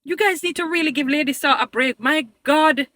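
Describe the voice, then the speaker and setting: Emphatic high-voiced woman vlogger. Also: moderate pace, sharp tone, no room sound. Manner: emphatic, pleading, preachy; addresses viewers as "beautiful people". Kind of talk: opinion commentary to camera.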